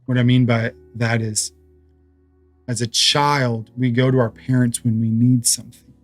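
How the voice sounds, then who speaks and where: A man's voice: medium pitch, flat delivery, unhurried, soft background music. A man in his thirties preaching a sermon as pastor, in a conversational way, telling stories with humor.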